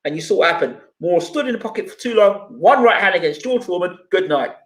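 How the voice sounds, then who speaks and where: A man with a high, lively voice argues about boxing on a live stream and fires off rhetorical questions. He sounds animated and combative. His voice echoes around the room he records in. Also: fast. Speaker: boxing channel host. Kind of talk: live stream commentary and viewer replies.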